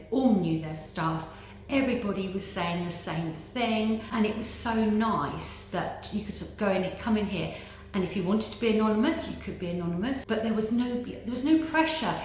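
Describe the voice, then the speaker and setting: A woman's voice: mid-range voice, darkish tone. Woman, echoey chatty testimonial. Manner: earnest, chatty, full of repeats like "very, very". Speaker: patient giving a testimonial. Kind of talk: casual interview testimonial. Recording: very echoey room with faint noise.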